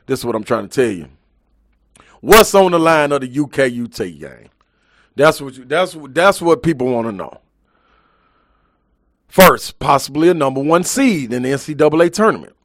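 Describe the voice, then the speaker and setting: A man's voice: mid-range voice, sing-song, moderate pace, long pauses, no room sound, clean studio sound. A man hosting a live sports talk show, ranting emphatically in heavy slang.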